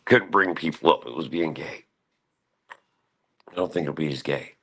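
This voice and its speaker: On his own stream, a man rambles through a profane monologue, restless and hopping from thought to thought. His voice is very deep and gravelly, a bit bright, at a normal speed.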